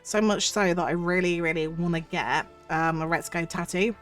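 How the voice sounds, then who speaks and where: A woman streamer with a cold, her voice husky, chatting effusively with viewers. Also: fairly low pitch, fairly even intonation, moderate pace, faint music behind. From United Kingdom. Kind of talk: casual livestream chat.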